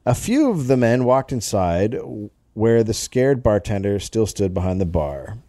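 Male podcast co-host, mellow and animated, reads the story and cracks asides. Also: lowish voice, unhurried, no room sound, clean studio sound. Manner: reads the story aloud with jokey asides and laughs. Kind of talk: comedic history storytelling.

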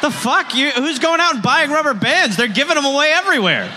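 A man riffs and protests on a live comedy stage in an exasperated manner. His voice sits high and swings widely, with loud room ambience behind him. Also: expressive, a little fast, long reverb tail, a little hiss or hum. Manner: exasperated, riffing. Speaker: comedy podcast co-host.

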